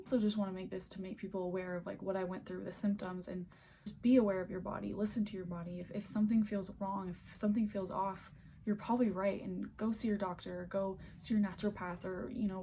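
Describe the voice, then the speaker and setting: A woman's voice: medium pitch, dark tone, a little hiss or hum. A young woman vlogging at home into a phone camera, earnest and emotional, close to tears, often dropping to a near-whisper as she rambles. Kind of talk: emotional personal vlog.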